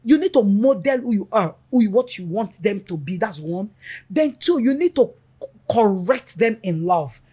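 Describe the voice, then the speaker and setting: A woman's voice: mid-range voice, moderate pace, husky. A middle-aged woman, a mother speaking as a guest in an interview and animatedly acting out conversations with her children. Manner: animated, acts out family dialogue in quotes.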